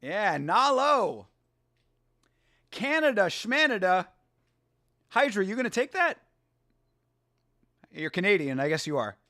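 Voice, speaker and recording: Excitable high-voiced male host. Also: slow, long pauses. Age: 30s. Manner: excitable, laughs often, slangy. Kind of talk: casual watch-along commentary.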